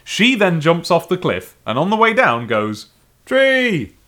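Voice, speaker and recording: Ein Mann mit britischem Akzent, der als Co-Host locker über einen Film plaudert. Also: male voice, a little high, normal speed. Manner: animated, jumps into shouted mock quotes. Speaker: podcast co-host. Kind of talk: casual film discussion.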